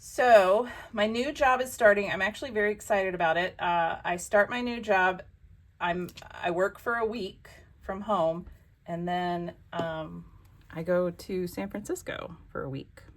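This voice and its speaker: Casual woman craft host, easygoing drawl, thinks out loud mid-project. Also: medium pitch, measured pace. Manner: chatty, exclamatory, talks to herself while working. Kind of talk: casual crafting vlog chat.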